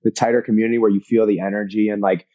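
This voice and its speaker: A man talking as a guest in a casual interview, energetic and emphatic, swearing casually and repeating phrases for punch. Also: lowish voice, very fast, no room sound, highs cut off. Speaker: podcast guest, fitness entrepreneur.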